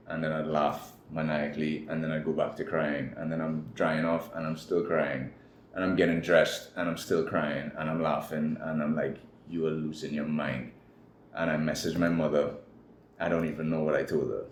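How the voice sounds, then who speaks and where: A man's voice: very deep voice, little pitch movement, normal speed. A man with a Trinidadian accent, a guest telling his personal story candidly in an interview. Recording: echoey room with faint noise.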